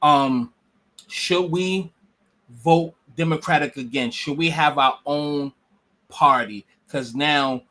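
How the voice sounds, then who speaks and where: Guy doing street interviews, kinda halting, lots of ums, voice sits a bit high. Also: bright, forceful tone. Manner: halting, filler-heavy questions.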